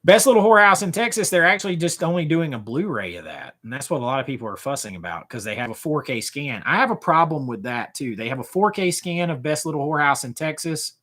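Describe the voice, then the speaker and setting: A man's voice: on the high side, very animated, quick pace, few pauses, a bit bright. A man in his forties hosting a casual livestream, rambling as he answers chat comments, often trailing off and restarting. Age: 40s. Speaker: livestream host.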